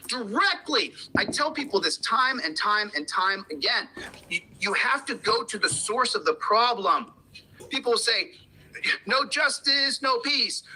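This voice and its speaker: A man's voice: high-pitched, bright, forceful tone, breathy edge, poor audio. A man giving an impassioned political talk in a clip, emphatic and repeating his key points. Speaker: political commentator.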